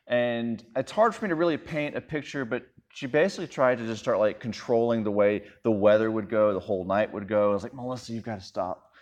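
A man's voice: medium pitch, a little fast, few pauses, darkish tone. A man in his thirties, a pastor preaching a sermon in a conversational, self-deprecating storytelling way.

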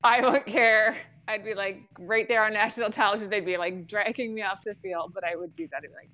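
A woman's voice: mid-range voice, steady tone, fairly quick, hardly any pauses, bright, forceful tone, rough recording. A woman in a casual podcast chat, blunt and swearing, laughing often and restarting her sentences.

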